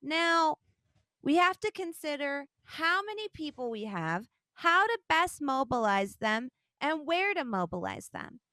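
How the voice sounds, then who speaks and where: A woman's voice: sits high, sing-song, a little slow, bright, forceful tone, no echo, pitched above the performer's own voice, full character voice. A woman doing a breezy turtle goddess. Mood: planning. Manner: breezy, modern slang. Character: casual motherly female turtle goddess.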